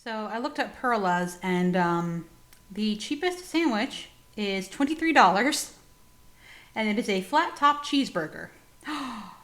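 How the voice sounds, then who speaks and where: A woman's voice: mid-range voice, animated, unhurried, a bit bright. A woman giving dry, sardonic reaction commentary.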